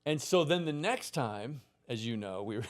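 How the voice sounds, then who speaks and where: A man around sixty spins a story as a podcast guest, lively and loose, cursing now and then and laughing as he goes. His voice sits at an ordinary middle pitch. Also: normal speed. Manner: animated, profane, laughs through his stories. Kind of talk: casual storytelling.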